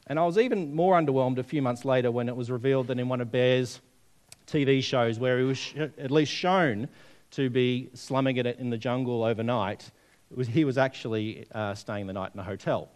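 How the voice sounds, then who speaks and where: Telling stories and putting questions to the congregation, a man delivers a conversational sermon. He speaks fairly quickly in a medium-pitched voice with a darkish tone.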